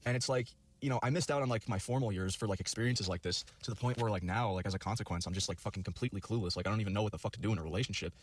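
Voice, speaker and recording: A man's voice: fairly low pitch, racing, hardly any pauses, a little hiss or hum. A young man telling a personal story in a casual, rambling way, heavy on fillers and profanity. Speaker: storyteller in a video clip.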